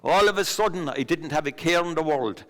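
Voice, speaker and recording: A man's voice: fairly high pitch, a little fast, fairly bright tone, natural voice. An actor playing a rambling, superstitious pub storyteller with an Irish accent, stammering as he spins his tales on a theatre stage. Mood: storytelling. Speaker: pub regular telling a story. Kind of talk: filmed stage play acting. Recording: long stage reverb.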